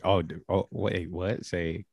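A man's voice: deep voice, steady tone, unhurried, creaky, noisy background. A man co-hosting a podcast, teasing and incredulous in casual chat. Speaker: podcast co-host.

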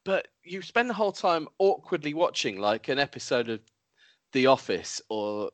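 A man hosts a casual podcast chat with a lively, swooping delivery. He talks in a dry, close sound and often restarts his sentences. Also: medium pitch, moderate pace, no echo. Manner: animated, hesitant restarts. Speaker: podcast host.

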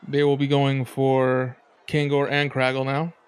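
A man's voice: medium pitch, monotone, clear, resonant tone. A man narrating as game master in a casual tabletop game session. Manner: casual, unhurried narration with fillers.

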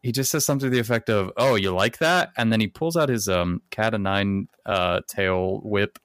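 Low-voiced man recapping a plot. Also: fairly quick, clean tone, no echo, studio quality. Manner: rambling, sarcastic recap. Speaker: podcast co-host giving plot recap. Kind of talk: casual chat.

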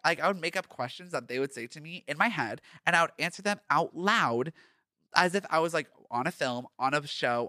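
A man's voice: fairly high pitch, pushed and bright, no room sound, clean studio sound. A man hosting a podcast who reads his own fan fiction aloud, breaking off for campy, gushing, self-mocking asides. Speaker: podcast host.

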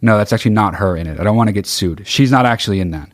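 A man's voice: fairly low pitch, racing, no echo, clean studio sound. A man hosting a podcast in a rambling, sarcastic comedic monologue, swearing constantly. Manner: sings mock-solemn snatches of songs. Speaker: podcast host.

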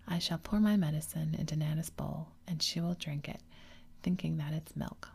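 Whispered role-play: woman doing a pompous huffy dad, low gravelly whisper, flat. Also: normal speed, heavily acted. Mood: blustering. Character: proud, blustering father, middle-aged man.

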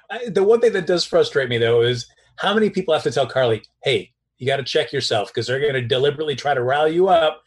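A man's voice: on the high side, animated, fast, breathy edge. A man co-hosting a soap recap show, wry and exasperated in casual chat.

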